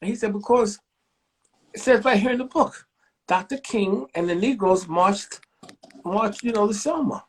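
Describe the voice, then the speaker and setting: Husky-voiced and speaking at normal speed with long pauses, a library director in his sixties shares stories during an interview. He brings quoted people to life, imitating them with dramatic pitch shifts.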